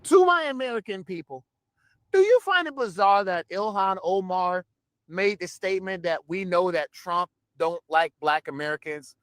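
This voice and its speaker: A speaker from a played commentary clip, ranting and confrontational. The voice sits in a middle pitch, and the sound is dry and close. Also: expressive, normal speed, a bit bright, no echo.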